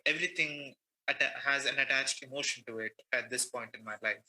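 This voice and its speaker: A man's voice: medium pitch, fairly quick, poor audio. A man from India on a comedy podcast panel, talking casually and expressively. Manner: expressive, laughs often. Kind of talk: casual chat.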